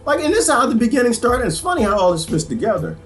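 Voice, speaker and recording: A podcast host talks with a lively, swooping voice, preachy and folksy as he comments on clips. A faint music bed sits behind him. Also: very high voice, very fast.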